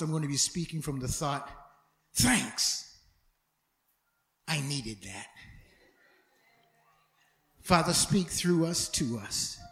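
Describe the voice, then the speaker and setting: A high-voiced male pastor preaches slowly with a bright, sharp tone. He swings dramatically between shouting and near-whispers, often stumbling over repeated words. The sound carries the echo of a church room. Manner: dramatic, swinging from loud shouts to hushed tones. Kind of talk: sermon.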